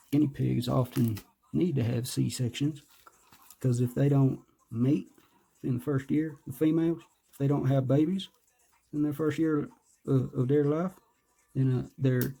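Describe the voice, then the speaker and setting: A man's voice: mid-range voice, gravelly, mellow, breathy edge. A man doing casual, rambling unboxing commentary, joking, hyping himself up and cursing. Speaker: vlogger.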